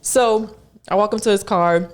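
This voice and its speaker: Talking at a normal speed in a high voice, a young man on his podcast shares a workplace anecdote. His delivery is loose and chatty, and he brings the story's characters to life by acting them out.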